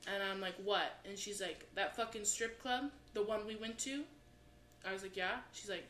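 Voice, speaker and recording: A woman co-hosting a comedy podcast, telling stories in an animated, profane way and acting out the voices of people in them. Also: mid-range voice, moderate pace. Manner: animated, swears constantly, acts out voices. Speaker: podcast co-host. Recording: roomy echo with faint background hiss.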